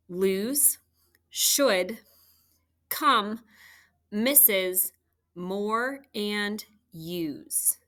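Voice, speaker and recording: Slow, bright-voiced teacher woman. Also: medium pitch. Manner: patient, sounding out words slowly. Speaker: third grade teacher. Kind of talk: phonics lesson for home learning.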